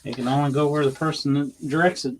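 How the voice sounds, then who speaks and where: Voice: medium pitch, fairly even intonation, fast, a little hiss or hum. A speaker joining a crafting livestream casually, reading viewer comments aloud and cracking dry jokes. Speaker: co-host reading chat comments. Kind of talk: casual chat.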